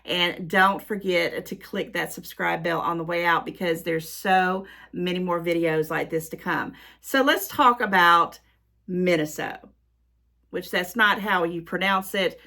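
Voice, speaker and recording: A middle-aged woman with a Southern US twang chats her way through a vlog intro. Her voice is bright and lively, and she rambles from one thought to the next, dropping in folksy exclamations as she goes. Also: fairly low pitch, a little slow, gravelly, hardly any pauses. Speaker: YouTube host. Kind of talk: chatty haul vlog intro.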